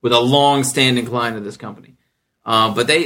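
A man in his thirties hosting a casual podcast, telling stories with lively energy and jumping high when he quotes other people. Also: moderate pace. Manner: animated storyteller, jumps high when quoting others. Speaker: podcast host.

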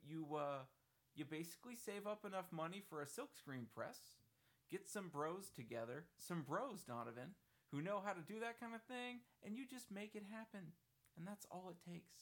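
A man putting on the voice of a cheery male pitchman, speaking in a wholesome, folksy tone. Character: chipper upbeat male clothing-line pitchman.

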